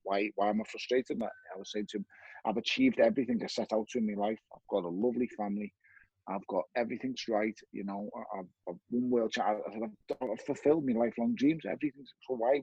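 A former boxer, guest on a show, tells his story candidly in a medium-pitched, gravelly, warm and slightly rough voice, swearing bluntly and often while acting out remembered dialogue. The audio is dull with no room sound.

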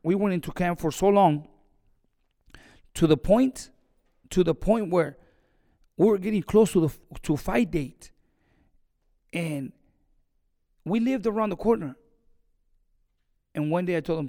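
A boxing trainer telling a story in an interview, animated and acting out the conversations he recalls. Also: sits high, measured pace, pauses often, in a large hall.

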